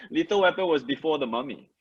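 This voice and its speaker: A man guest comedian in a casual interview chat, relaxed and hesitant, laughing often. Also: on the high side, husky. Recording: dull lo-fi sound.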